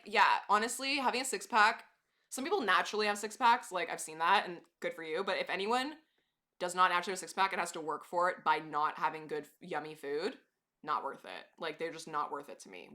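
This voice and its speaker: A woman's voice: on the low side, lively intonation, brisk, bright, forceful tone. A woman live streamer chatting casually to her viewers, rambling and laughing often.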